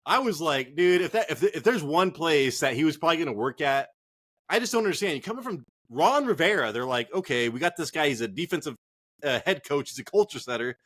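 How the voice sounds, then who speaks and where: Lively high-voiced joking man. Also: fairly quick. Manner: laughing, joking, profane. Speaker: podcast co-host. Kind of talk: casual chat while drinking.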